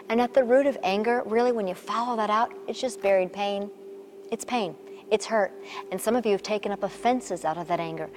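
A woman pastor preaching and praying over a women's online gathering, swelling into emphatic repeated declarations and dropping to soft, coaxing words spoken straight to her listeners. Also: on the high side, a little hiss or hum. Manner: fervent preaching with rising, emphatic repetitions; soft, coaxing asides addressing listeners directly. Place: recorded remotely, not in person with the audience.

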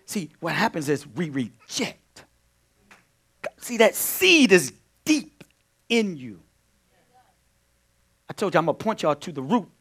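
Animated, high-pitched preaching man. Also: slow pace, long pauses, slightly rough. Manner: preaching with sudden swings between loud exclamations and hushed asides; addresses the congregation as y'all, repeats phrases. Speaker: pastor. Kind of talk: sermon.

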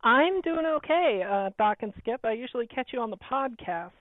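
A man's voice: extremely high pitch, animated, normal speed, no echo. Hesitant male caller on a tinny phone line. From Colorado. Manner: casual, a bit hesitant. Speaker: radio caller. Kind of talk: phone-in call.

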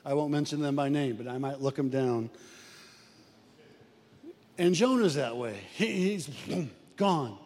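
A man's voice: mid-range voice, expressive, slow pace, pauses often, a little mellow, big-room sound. An older man preaching a folksy sermon, telling family stories and repeating words as he goes. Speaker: pastor.

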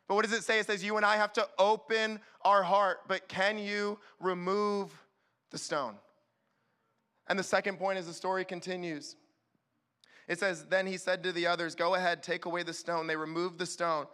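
A man preaching a sermon as youth pastor, animated and acting out quick little voices to the room. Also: sits high, clean tone. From California.

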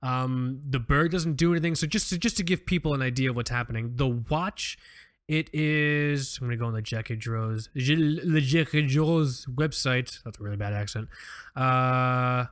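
A man's voice: medium pitch, a little fast. A man co-hosts a casual podcast chat in a mid-range voice. He rambles with restarts and throws in dry jokes as he talks. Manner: rambling, jokey, with many restarts and fillers. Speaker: podcast co-host.

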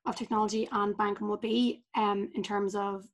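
A woman with a Northern Irish accent interviewing a guest, chatty with quick questions. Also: mid-range voice, level tone. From Northern Ireland. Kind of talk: casual interview conversation.

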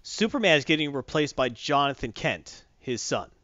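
A man's voice: medium pitch, expressive, moderate pace, a bit bright, no echo, lo-fi sound. Rambling man in casual chat. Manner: rambling, self-correcting, enthusiastic.

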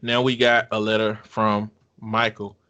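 A man's voice: lowish voice, little pitch movement, measured pace, bright, forceful tone, clear, resonant tone, highs cut off. A man hosting a podcast in casual chat, laid-back and joking, often laughing. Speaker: podcast host.

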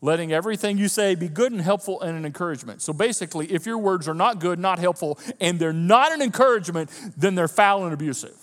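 Man, pastor, sermon, high voice, long hall echo. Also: fast talker, few pauses. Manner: animated, acts out quoted voices of listeners. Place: church hall.

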